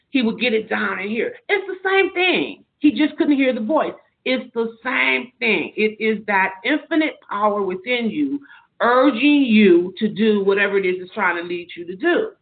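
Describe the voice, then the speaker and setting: A woman guest in an interview, earnestly telling spiritual personal stories in long, loose anecdotes. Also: mid-range voice. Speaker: podcast guest. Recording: narrow phone-like sound.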